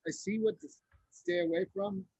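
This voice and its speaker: A man's voice: high-pitched, steady tone, normal speed, darkish tone, breathy edge, no echo, dull audio. Profane, easygoing male rock musician. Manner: loose, profane storytelling. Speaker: guest musician. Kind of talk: casual chat.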